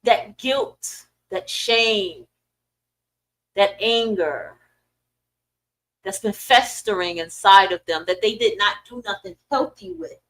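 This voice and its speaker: A middle-aged woman hosting a podcast, ranting in casual, profane commentary with sudden loud swings and a dry throat. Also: mid-range voice, expressive, slow pace, long pauses, poor audio. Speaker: podcast host.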